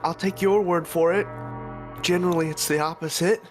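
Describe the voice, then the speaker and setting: A man's voice: sits high, steady tone, normal speed. A man playing in a tabletop game, wry and amused. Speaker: player. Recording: music playing behind.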